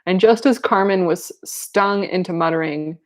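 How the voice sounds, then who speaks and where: A woman's voice: lowish voice, moderate pace. A young woman reading a book aloud and breaking off into casual, laughing commentary and exclamations. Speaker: reader and commentator.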